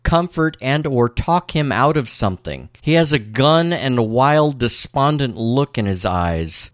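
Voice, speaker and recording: Podcast guy recapping a show, swears a lot, mid pitch, dry close sound. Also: animated, measured pace, few pauses, no room sound. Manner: laid-back, profane, amused. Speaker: podcast host. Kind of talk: casual chat, recapping a TV episode.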